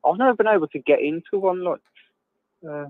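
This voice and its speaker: A man's voice: sits high, expressive, a little fast. Chatty man on a tinny call line. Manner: chatty, jokey, rambling with fillers. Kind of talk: casual chat.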